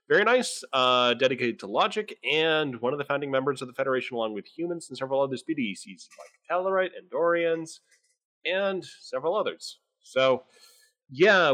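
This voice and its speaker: A man's voice: mid-range voice, fairly bright tone. A man playing a tabletop role-playing game, speaking in character as a starship captain with lots of fillers and hesitations. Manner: rambling, many fillers, laughs easily. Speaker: player.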